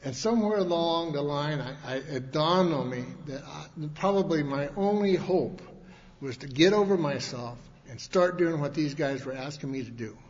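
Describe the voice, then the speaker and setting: A man's voice: on the high side, normal speed. Rambling man in an echoing hall. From Montana, USA. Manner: folksy and rambling, full of restarts and colloquial grammar. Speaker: speaker at a recovery convention. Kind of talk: personal recovery story told to an audience. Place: large convention hall. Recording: long hall reverb, dull lo-fi archival tape, faint hiss.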